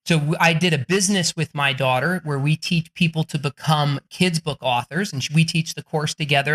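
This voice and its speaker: Upbeat guy on a podcast, kinda high and bright, cusses a lot, fired up. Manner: animated, swears freely, laughs while talking. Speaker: podcast guest, book coach. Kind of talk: energetic, profane interview talk.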